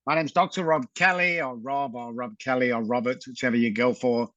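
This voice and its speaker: Middle-aged Mancunian guest, bright and punchy, lively storyteller, dry recording. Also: male voice, medium pitch, fairly quick, no echo, muffled recording. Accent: Manchester English. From England. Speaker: guest, addiction recovery expert. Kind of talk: podcast interview storytelling.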